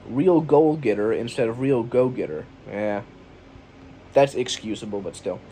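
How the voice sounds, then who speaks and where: A man's voice: medium pitch, measured pace, dark tone. A man hosting a casual solo comedy podcast, sarcastic and profane, riffing on each item of a list he reads out. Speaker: podcast host. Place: home room with a lawn mower outside. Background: faint lawn mower noise from outside.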